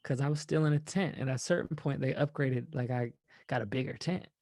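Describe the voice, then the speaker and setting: A man's voice: mid-range voice, fairly quick, darkish tone, dry recording, clean studio sound. A man, a former college basketball player, guesting on a podcast and telling rambling, profane stories in a laid-back way. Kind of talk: casual storytelling.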